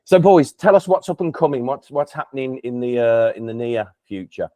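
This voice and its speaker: A man's voice: medium pitch, animated, fairly quick, mellow, no room sound. Playful man hosting an interview. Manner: playful, teasing, lots of fillers. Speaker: podcast host. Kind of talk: casual interview. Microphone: video call.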